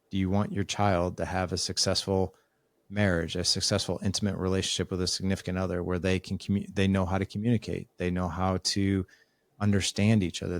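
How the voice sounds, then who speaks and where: A middle-aged man with a very deep voice, speaking as a podcast guest. He tells family stories and slips into the voices of the people in them. The recording is dry and close. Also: no echo. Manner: storytelling, acts out family dialogue. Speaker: guest, author and father. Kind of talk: conversational podcast interview.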